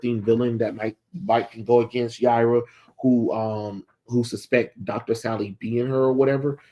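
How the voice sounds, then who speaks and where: A man's voice: medium pitch, little pitch movement, moderate pace, warm tone, dull audio. A man casually retelling a comic book's plot and reviewing it, quoting the characters loosely with lots of fillers.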